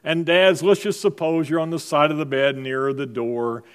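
A man's voice: on the high side, steady tone, moderate pace, clear, resonant tone. A middle-aged man preaching a sermon as pastor, in a conversational style full of rhetorical questions to the congregation.

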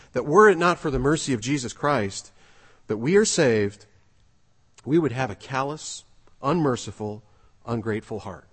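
A pastor with a husky, mid-range voice preaches a sermon, telling a story in an earnest, conversational way with occasional fillers. The recording carries the long reverb of a large hall.

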